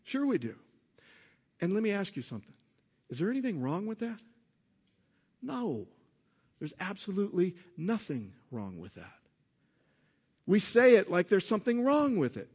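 Dynamic preaching man, higher-pitched voice. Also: very animated, normal speed, long pauses, slightly rough. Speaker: pastor. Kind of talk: sermon.

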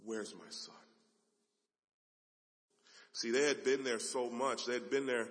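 A man preaching a sermon as a dramatic story, swinging from loud passages to hushed ones. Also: mid-range voice, takes it slowly. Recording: long hall reverb.

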